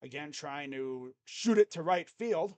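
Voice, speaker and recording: A young man doing live fan play-by-play, chatty and rambling, jumping to excited calls on each pitch. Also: measured pace.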